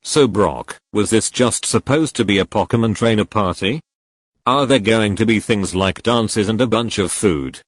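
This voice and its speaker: A man's voice: fairly low pitch, normal speed, dry recording, lightly acted. A man reading as a curious young boy.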